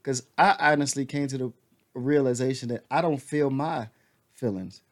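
A man's voice: mid-range voice, moderate pace. A man co-hosting a casual podcast, teasing his friend with frequent laughter, then talking frankly about his feelings. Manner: laughs often, joking and teasing, turns reflective. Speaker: podcast co-host. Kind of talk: casual chat.

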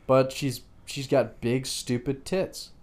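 A man's voice: mid-range voice, little pitch movement, slow pace, a little mellow. Male podcast co-host, blunt offhand delivery, crude casual banter.

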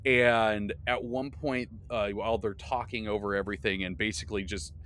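On a casual storytelling podcast, a game master recaps a tabletop session in rambling talk full of fillers and self-corrections. His voice is on the low side, a bit bright, with a steady tone and moderate pace.

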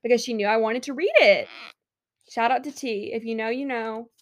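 A woman's voice: fairly high pitch, normal speed. A woman co-hosting a podcast in casual chat, upbeat and chatty, going off on tangents. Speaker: podcast co-host.

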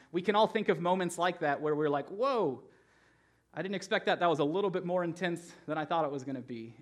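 A man preaching a sermon as pastor in a casual, conversational way, with frequent fillers. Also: a little high.

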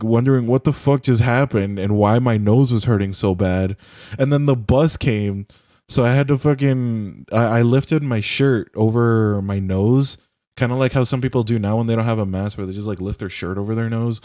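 Mellow-voiced young man telling a rambling story. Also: mid-range voice, dry recording, clean studio sound. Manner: rambling, profane, heavy use of "like". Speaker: podcast co-host. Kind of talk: casual storytelling chat. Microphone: computer mic on a voice call.

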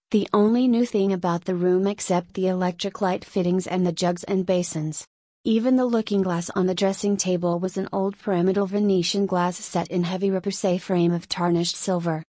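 A woman reading a story aloud in a measured, unhurried scripted narration. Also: mid-range voice, darkish tone, no echo, clean studio sound. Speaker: audiobook reader.

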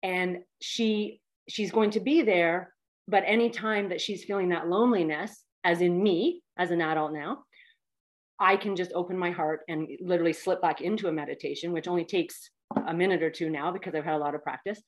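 A woman in her fifties, a guest telling a personal story in a heartfelt, animated way with many fillers. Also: lowish voice, moderate pace. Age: 50s.

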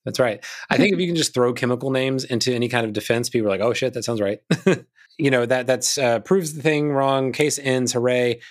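A man's voice: medium pitch, brisk. A man hosting a podcast in casual chat, recapping a film with wry asides. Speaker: podcast host.

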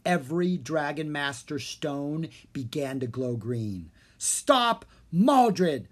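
A narrator reading a children's fantasy book aloud with steady storytelling. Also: medium pitch, takes it slowly. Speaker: audiobook narrator.

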